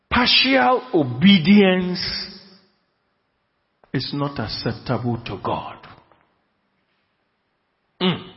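Slow, gravelly preacher man in a hall. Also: medium pitch. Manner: emphatic, repeats key phrases slowly, questions the congregation. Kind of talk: sermon. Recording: dull audio in a long-reverb hall.

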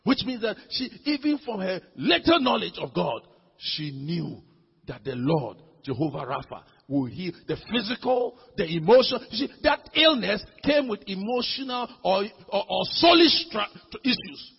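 A man preaching a sermon, swinging from shouts to low, intense lines and repeating words as he builds. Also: very animated, moderate pace. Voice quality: husky, gravelly voice. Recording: dull lo-fi hall recording.

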